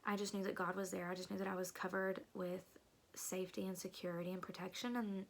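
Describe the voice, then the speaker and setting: A young woman talks casually to her viewers, full of fillers and sudden hushed asides. Her voice carries a noticeable creaky fry, and her pitch sits right in the middle for a woman. The delivery is loose and conversational, like a long chat with a friend. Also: flat delivery, fast. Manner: chatty, many "like" fillers, drops to hushed asides. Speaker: vlogger. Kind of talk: casual storytelling.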